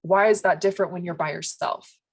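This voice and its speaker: Woman co-host, slightly low voice, chatty and thoughtful, casual heart-to-heart. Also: steady tone, brisk, breathy edge. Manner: chatty, heavy use of "like", thoughtful. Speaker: podcast co-host.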